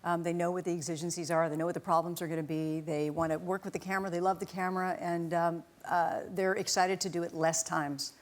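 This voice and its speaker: A woman who directs films, talking in a thoughtful, measured way as a chat show guest. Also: lowish voice, little pitch movement. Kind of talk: casual chat show interview. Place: TV studio with a live audience.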